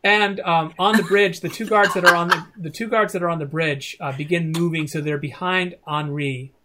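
A game master narrating a tabletop game in a hesitant way, with frequent pauses and restarts. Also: medium pitch, steady tone, sharp tone, a little hiss or hum. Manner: hesitant, many fillers and restarts.

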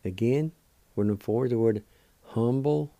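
An older man with a Cherokee accent teaching words slowly and deliberately as a radio language teacher, repeating each one. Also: mid-range voice, mellow, no room sound. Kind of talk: slow spelled-out language lesson.

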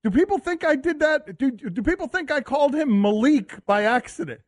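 Excitable high-voiced male radio host. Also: moderate pace. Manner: excitable, mocking, laughing often. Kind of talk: sports radio banter.

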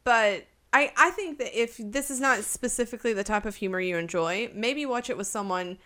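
A woman's voice: fairly high pitch, moderate pace, bright, forceful tone. A woman co-hosting a podcast in a casual, chatty way, often laughing and emphatic. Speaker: podcast co-host. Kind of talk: casual chat.

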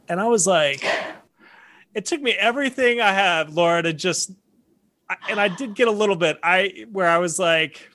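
A man's voice: sits high, normal speed. A man who teaches college, telling classroom stories in casual chat, laughing often and acting out his reactions. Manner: animated storytelling, laughs often, restarts. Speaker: podcast co-host, college teacher.

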